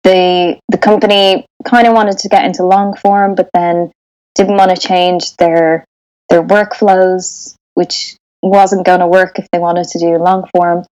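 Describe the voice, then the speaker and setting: A woman's voice: lowish voice, little pitch movement, unhurried, darkish tone, low-quality recording. Chatty Irish woman, sound engineer. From Ireland. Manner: chatty, with frequent restarts and laughter. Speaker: sound engineer, interview guest. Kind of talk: casual interview.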